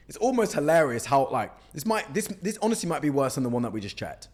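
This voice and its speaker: A man's voice: mid-range voice, quick pace, few pauses. A young man coaching on cold outreach, blunt and mocking as he critiques messages, often tagging "okay?" onto his points. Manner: blunt, animated, mocking, says "okay?" a lot. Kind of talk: casual critique to camera.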